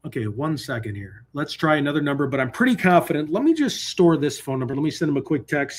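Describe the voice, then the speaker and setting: A man's voice: on the high side, expressive, quick pace, few pauses. A man hosting a live call-in stream from a hotel room, talking casually and rambling between jokes. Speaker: host.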